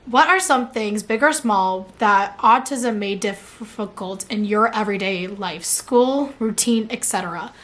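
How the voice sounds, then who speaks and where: A young adult woman vlogs casually, answering viewer questions with a mid-range, slightly bright voice. She speaks unhurriedly with few pauses, packing her chatter with "like" and laughing at herself mid-sentence.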